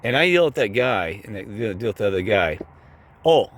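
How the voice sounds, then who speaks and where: A man's voice: lowish voice, animated, brisk, a bit bright. A man telling a rambling, heated story to his viewers. He curses often, keeps repeating "I said", and his voice jumps up when he quotes himself. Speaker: vlogger telling a personal story.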